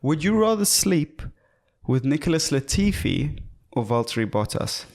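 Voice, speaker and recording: A man's voice: a little high, normal speed. A young man co-hosting a casual podcast, joking and swearing freely. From South Africa. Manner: joking, profane, animated. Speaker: podcast co-host. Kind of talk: casual chat.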